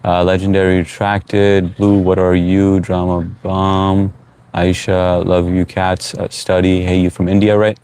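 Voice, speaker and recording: رجل بصوت عميق جدا يدردش في بث مباشر. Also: male voice, deep voice, measured pace, a little hiss or hum. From United States. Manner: relaxed, reads out chat comments, frequent uh fillers. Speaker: livestream host. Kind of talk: casual live chat.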